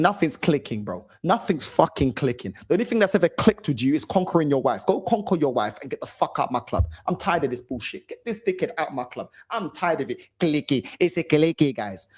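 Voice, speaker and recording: A man's voice: a little high, husky. A man hosting a fan channel, ranting furiously about his team, swearing and repeating himself. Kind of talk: angry fan rant to camera.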